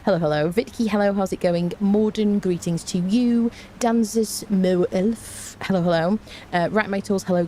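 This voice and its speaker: A woman's voice: lowish voice, dark tone, slight background noise. A woman with a cold, chatting playfully with her live-stream viewers and greeting them by name from home. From Britain. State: has a cold. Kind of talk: casual live-stream chat. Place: indoors at home.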